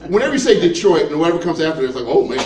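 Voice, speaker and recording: A man's voice: a little high, background noise. A male pastor preaching a sermon in a humorous, conversational storytelling way, laughing as he goes. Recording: echoey room, mic at a distance.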